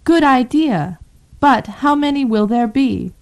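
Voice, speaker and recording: A woman's voice: high voice, expressive, slow, darkish tone, pitched above the performer's own voice, heavily acted. A woman reading the lines of a polite husband in a storybook, in a plain read-aloud way. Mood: eager. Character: polite husband hosting a party.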